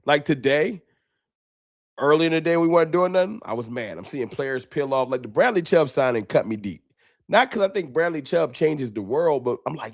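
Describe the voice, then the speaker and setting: A man's voice: a little high, big pitch swings, moderate pace, no room sound, clean studio sound. A man hosting a late-night sports fan livestream, talking off the cuff with emotion and slang. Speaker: sports fan show host.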